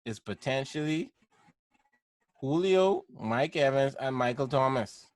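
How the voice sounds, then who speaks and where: A man co-hosting a casual sports chat podcast, talking in loose slang and getting animated as he argues. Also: mid-range voice, a little slow, no room sound. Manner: slangy, animated, laughs mid-sentence. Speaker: podcast co-host.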